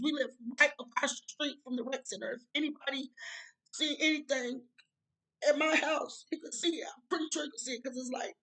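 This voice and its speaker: High-pitched woman, casual profane storyteller, talks straight to viewers. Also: low-quality recording. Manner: animated, profane, frequent "right?" asides to viewers. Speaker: storyteller vlogger.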